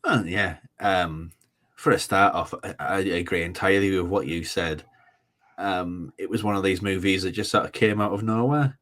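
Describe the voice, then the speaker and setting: A man speaking as a podcast guest in casual chat, halting and wry. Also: sits low, steady tone, fairly bright tone. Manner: hesitant, many fillers and restarts, wry.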